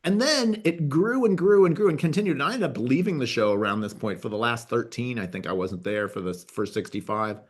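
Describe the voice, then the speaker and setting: Man, rambling guest, casual chat, restarts and fillers, mid-pitched voice. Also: expressive, a little fast, few pauses, slightly rough. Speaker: guest, TV writer and producer.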